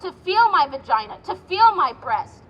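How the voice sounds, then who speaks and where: A woman's voice: very high-pitched, very animated, moderate pace, big-room sound, lo-fi sound. A woman giving shaken, indignant personal testimony outdoors at a rally. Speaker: rally speaker sharing a personal account.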